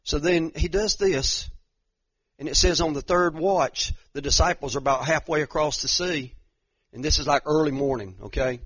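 A man preaching a sermon, dropping to a hushed storytelling voice and then building to loud, rising exhortation. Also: a little high, normal speed, slightly rough, no echo. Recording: muffled, lo-fi sound.

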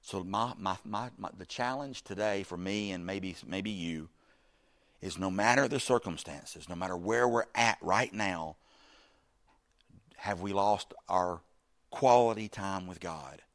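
A middle-aged man preaches a sermon in a low, slightly slow voice. He's animated, swinging from loud bursts to quiet asides and acting out the quoted voices of the people in his story.

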